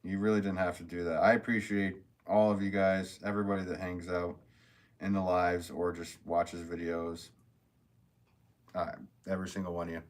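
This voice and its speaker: Low-voiced man chatting on a live stream. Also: level tone, normal speed. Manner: jokey, chatty, answers viewer comments with laughs. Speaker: potter hosting a live stream. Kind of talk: casual live-stream chat.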